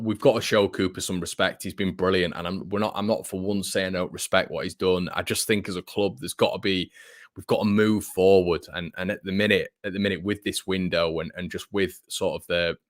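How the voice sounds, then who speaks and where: Young male host, deep voice, dry close mic, chatty and informal. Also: dry recording. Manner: chatty, frequent restarts and fillers, says mate a lot. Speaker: fan channel host reading live chat. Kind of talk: casual live-stream chat.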